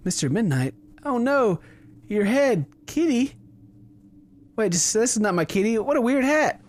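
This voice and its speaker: A man's voice: very high voice, unhurried. A young man hosting a gaming video, commenting casually and reading the game's lines aloud in playful voices. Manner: animated, playful, reads game dialogue aloud in voices.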